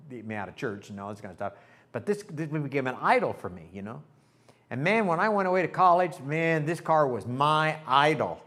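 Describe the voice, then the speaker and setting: Older male pastor, folksy and animated storyteller, plain mid-range voice, church sermon. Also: mid-range voice. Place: church sanctuary.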